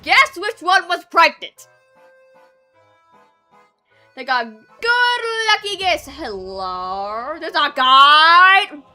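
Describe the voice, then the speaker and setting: A young woman with a high voice streams games live as a VTuber, chatting casually. She's excitable, swears freely, and often bursts into shouts.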